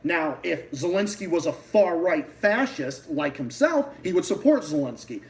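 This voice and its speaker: A man's voice: high voice, very animated, normal speed, vocal fry, a little mellow, recorded from a distance, low-quality recording. A man with a Boston accent hosting a livestream, delivering a heated, profane political rant full of restarts. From Massachusetts. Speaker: livestream host.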